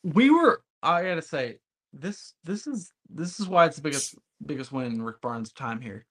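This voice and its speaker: A man's voice: fairly high pitch, animated, moderate pace. A man co-hosting a casual sports podcast, talking bluntly and emphatically about his team. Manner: emphatic, blunt, occasionally profane. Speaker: podcast co-host.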